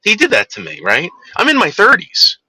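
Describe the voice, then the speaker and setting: A man's voice: sits high, wildly swooping pitch, normal speed, bright, forceful tone, breathy edge, no echo, poor audio. A man in his forties telling a crude, rambling anecdote, full of fillers and digressions. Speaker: storyteller.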